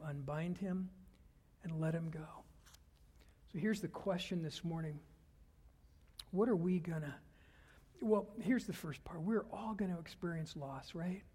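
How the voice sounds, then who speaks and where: A man preaching a sermon as a pastor, earnest, dropping to hushed whispers and rising to loud fervor. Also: on the high side, husky. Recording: long hall reverb.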